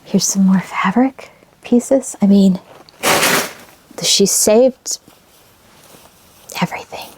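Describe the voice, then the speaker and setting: A woman whispers in a mid-range, slightly mellow voice as she unpacks vintage fabric scraps for her viewers. Wistful and sentimental, she muses unhurriedly while chatting to the camera in a casual show-and-tell vlog.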